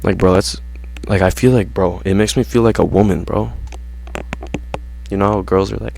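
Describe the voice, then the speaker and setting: Gravelly low-voiced guy ranting, bro-speak. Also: moderate pace, long pauses, darkish tone, a little hiss or hum. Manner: slangy, profane, says "bro" constantly. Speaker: vlogger. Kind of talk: casual rant to camera.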